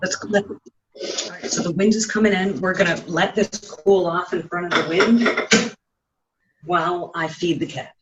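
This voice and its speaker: A man's voice: high voice, normal speed, long pauses, lo-fi sound, noisy background. A man chatting casually through a home cooking vlog, making joking asides and talking to his cat in his kitchen. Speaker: home cook vlogger.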